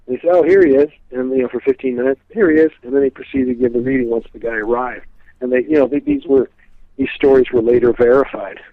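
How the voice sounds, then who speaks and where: A man's voice: mid-range voice, expressive, quick pace, gravelly, no room sound. A man telling stories as a guest in an interview, rambling with many fillers and restarts. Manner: rambling, full of "you know" and restarts. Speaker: guest expert on a historical psychic. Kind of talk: casual storytelling interview answers. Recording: tinny phone line, dry.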